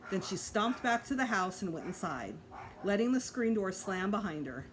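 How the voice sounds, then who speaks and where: A woman teacher reading a children's chapter book aloud with expressive storytelling. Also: mid-range voice, normal speed, a little hiss or hum.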